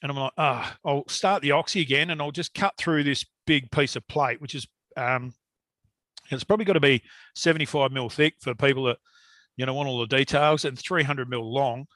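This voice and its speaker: A man telling a long story in casual chat, animated and swearing freely. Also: mid-range voice, normal speed, no room sound.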